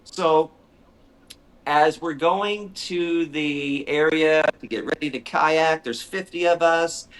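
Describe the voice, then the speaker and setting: A middle-aged man talks with a slightly raised pitch. He tells a story in an animated, excitable conversational way. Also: slow pace, hardly any pauses. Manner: animated, excitable storyteller who acts out his own shrieks. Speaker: animal rights speaker, guest.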